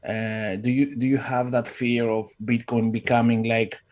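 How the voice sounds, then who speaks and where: A man hosting a casual chat on a video call, asking questions in a halting way with many fillers. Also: medium pitch, level tone, darkish tone. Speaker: host.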